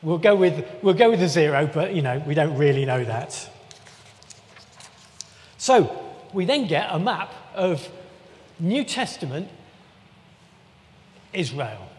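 A man giving a relaxed, conversational sermon with jokey asides, often restarting his sentences. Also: a little high, slow pace, pauses often. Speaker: preacher. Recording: long reverb of a church hall.

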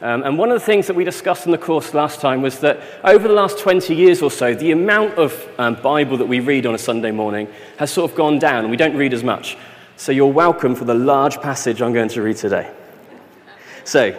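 A man's voice: medium pitch, brisk. Man preaching in a reverberant hall. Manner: conversational, with fillers and self-corrections. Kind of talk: sermon with scripture reading.

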